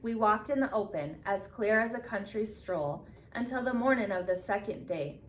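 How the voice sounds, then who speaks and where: A woman reading a picture book aloud with expressive storytelling, slowing down for the solemn moments. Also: medium pitch, a little hiss or hum. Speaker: reader. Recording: echoey room from a distance.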